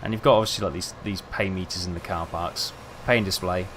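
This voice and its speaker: A young man chats casually over gameplay, telling rambling, self-mocking stories. His voice sits fairly low, and a faint hiss hums behind it. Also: steady tone, fast talker, fairly bright tone. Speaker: gaming video host.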